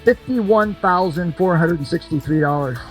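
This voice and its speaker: A man's voice: sits high, moderate pace, soft background music. An older man emceeing a cornhole game at an event, joking and coaxing people along with lots of repetition. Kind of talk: lively crowd banter.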